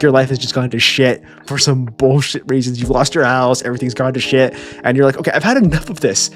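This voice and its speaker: Stammering, joking man reviewing a chapter. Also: mid-range voice. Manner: rambling, stammering repeats, joking with profanity. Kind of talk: casual chapter reaction.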